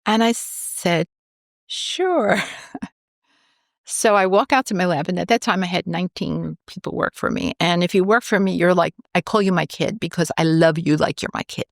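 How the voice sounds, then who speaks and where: A gravelly, lowish female voice at a moderate pace comes through in a dry, clean studio recording. The speaker, a cancer researcher from New York, USA, tells a story during a podcast interview, animatedly acting out the voices of the people in it.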